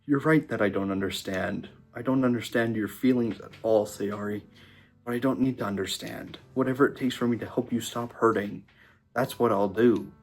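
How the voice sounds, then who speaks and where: A man playing through a visual novel, quietly reading the hero's lines aloud and breaking off into emotional reactions. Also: fairly low pitch, moderate pace, faint music behind. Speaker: gaming YouTuber. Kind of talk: let's-play reading and reacting.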